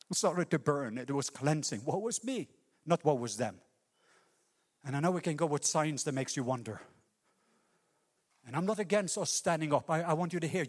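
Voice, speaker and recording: A Norwegian man preaching a sermon with passion, rising to loud cries and dropping to hushed lines. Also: a little high, big-room sound. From Norway. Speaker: pastor.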